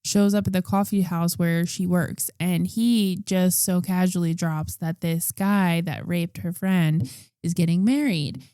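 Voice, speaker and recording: Sarcastic woman on a podcast, laughs a lot, mellow voice, dry sound. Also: fairly low pitch, fairly even intonation, measured pace, smooth, dry recording. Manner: sarcastic, laughs often, swears. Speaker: podcast co-host. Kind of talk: casual chat about a movie.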